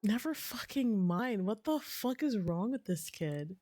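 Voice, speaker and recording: A woman's voice: medium pitch, lively intonation, unhurried, dark tone, dry recording. A young woman streamer giving casual game commentary, with swearing, exasperated rants.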